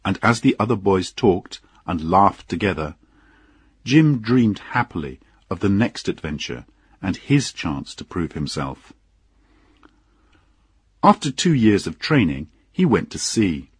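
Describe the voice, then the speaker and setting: Male audiobook narrator, husky and dry, slow measured delivery. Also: sits low, no echo. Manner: unhurried, expressive storytelling.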